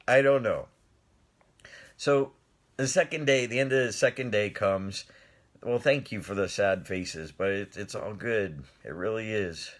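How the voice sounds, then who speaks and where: Middle-aged man, lowish voice, animated live-stream storyteller who laughs a lot. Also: unhurried. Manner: animated, laughs often, talks to viewers' comments. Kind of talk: casual storytelling.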